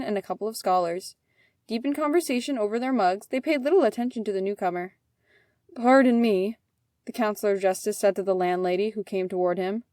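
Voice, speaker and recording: A woman's voice: mid-range voice, dark tone, no room sound, clean studio sound. A woman reading an old fairy tale aloud as a storyteller.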